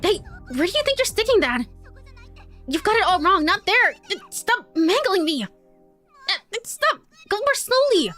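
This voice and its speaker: A woman voicing a stubborn young woman patient who is scared of shots, with shrill, protesting lines. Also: big pitch swings, unhurried, sharp tone, soft background music, exaggerated voice. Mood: whiny protest.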